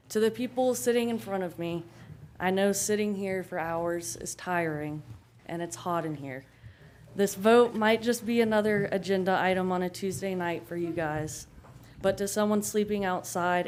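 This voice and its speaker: A young woman giving a prepared public comment at a council meeting in a steady, measured delivery. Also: fairly low pitch, a little hiss or hum. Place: council chamber.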